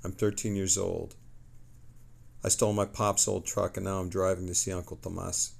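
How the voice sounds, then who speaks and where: A man streaming live, reading lore passages aloud with excitable, chatty asides. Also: low voice, normal speed, creaky. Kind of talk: casual lore reading on a livestream.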